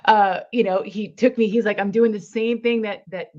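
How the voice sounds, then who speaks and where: In a slightly dull lo-fi recording, a woman with a medium-pitched, somewhat mellow voice speaks at normal speed with fairly even intonation. As an interview guest, she earnestly relates a personal story and acts out its dialogue conversationally.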